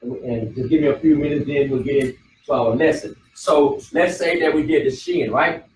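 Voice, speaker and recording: A man's voice: medium pitch, moderate pace, noisy background. A man teaching a Bible study class, repeating himself and quizzing the class with questions. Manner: repetitive, prompting the class with questions. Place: study hall room. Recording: echoey room, mic far off, faint ambience.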